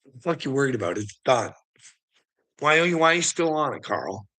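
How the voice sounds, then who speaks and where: Bright-voiced man ranting and laughing. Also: medium pitch, sing-song, fairly quick. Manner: profane, laughing often, heated storytelling. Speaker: vlogger. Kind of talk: casual rant to camera.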